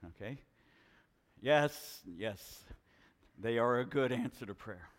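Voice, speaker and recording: A man preaching a sermon to his congregation, questioning them in an animated way. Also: mid-range voice, slow, in a large hall. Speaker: pastor. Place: church hall with a congregation.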